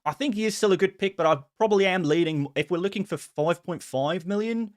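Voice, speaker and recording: A man's voice: sits high, brisk, voice pushed up, close to an everyday voice. A man putting on a jokey Australian accent to answer live-stream viewers, breezy and slangy. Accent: put-on Australian.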